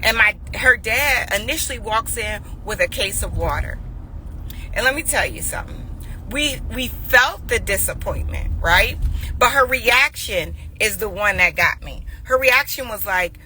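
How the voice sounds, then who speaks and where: Mom in her 40s telling a family story then preaching, bright clear tone, repeats herself for emphasis. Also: fairly high pitch, animated, measured pace, slight background noise. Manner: earnest, emotional, repeats phrases for emphasis. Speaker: mother sharing a devotional. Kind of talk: heartfelt storytelling turning into preaching.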